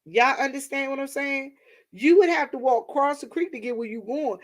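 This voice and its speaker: This livestream host, a woman from Washington, D.C., talks with her audience in a relaxed way, shares stories, and calls everyone y'all. She speaks at a normal speed in a high-sitting voice.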